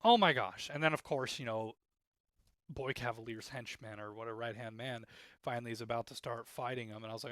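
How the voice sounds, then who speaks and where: A man giving casual, rambling commentary as a TV reviewer, growing exasperated and animated with many restarts. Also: medium pitch, a little fast, no echo. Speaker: TV show reviewer.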